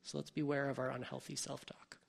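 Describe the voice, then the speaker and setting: A man's voice: mid-range voice, flat delivery, a little fast, vocal fry. A man who is a parent, preaching a sermon in a conversational way and thinking aloud with asides. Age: adult parent. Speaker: pastor.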